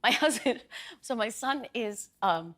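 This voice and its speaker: A woman's voice: on the high side, animated, unhurried, a bit bright. A woman in her thirties, a talk show guest chatting in a bubbly way and acting out little voices as she tells stories. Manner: bubbly, storytelling with acted-out voices. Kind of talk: animated talk show chat.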